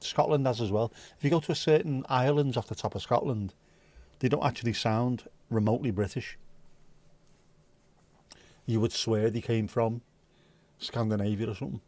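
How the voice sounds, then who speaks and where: A man's voice: mid-range voice, steady tone, normal speed, long pauses, a little mellow, no room sound. A man hosting a casual livestream, chatting loosely, swearing and rambling as he reads viewer comments. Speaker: livestream host.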